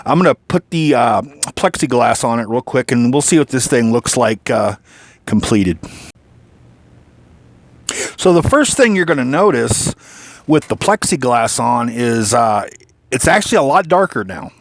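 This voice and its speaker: His medium-pitched voice is lively but a little slow, recorded without echo. This man has the hiccups while casually showing a PC he built, rambling through it with lots of fillers, repeated restarts, and the occasional mild curse.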